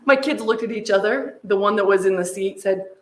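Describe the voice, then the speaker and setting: Middle-aged American woman presenter, lively anecdotal lecture, roomy echo. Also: medium pitch, brisk. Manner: animated storytelling, frequent "right?" checks. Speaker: seminar presenter.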